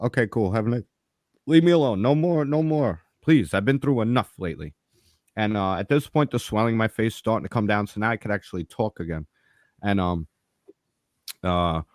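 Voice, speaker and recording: Man, low voice, dry close sound, casual podcast storytelling, profane, animated, acts out dialogue. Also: dry recording. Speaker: podcast co-host.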